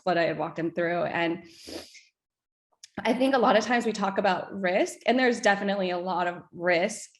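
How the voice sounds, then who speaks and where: A woman in her thirties, a company co-founder, telling her story in an interview in an earnest, reflective way with halting restarts. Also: on the low side. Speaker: whiskey brand co-founder guest. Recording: echoey room.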